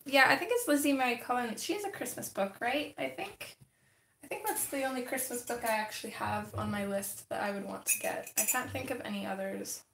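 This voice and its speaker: At her desk at home, a woman hosts a casual livestream, chatting with viewers and talking to her cat. Her voice is fairly high, fairly bright, and creaky, and she talks a little fast. The room is echoey, with faint noise.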